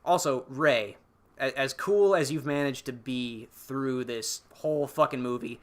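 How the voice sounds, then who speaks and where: A man's voice: medium pitch, measured pace. A young man on a podcast, recapping a film in a rambling, casual way, swearing freely. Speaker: podcast co-host.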